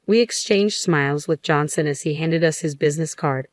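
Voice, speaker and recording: A woman with a very low voice reads a story aloud at an even, steady pace. The sound is dry and close, with no room around it. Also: normal speed, no echo. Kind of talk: scripted story narration.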